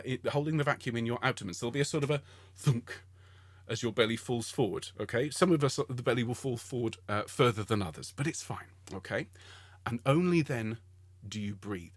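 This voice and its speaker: Middle-aged male choir leader, patient and encouraging, close dry sound, mid pitch. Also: no echo. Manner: encouraging, patient, explains step by step with frequent "okay?". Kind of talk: online singing warm-up lesson.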